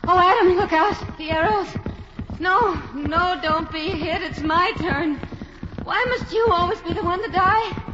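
A woman's voice: high voice, a little slow, dull audio, background noise. A woman playing a feverish, frightened young woman. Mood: delirious. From American South. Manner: feverish, breathless and pleading.

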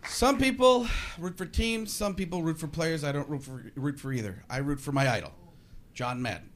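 High-voiced sarcastic stand-up comedian. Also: male voice, moderate pace, over a noisy crowd. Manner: sarcastic, animated, acts out voices. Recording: noisy live show recording.

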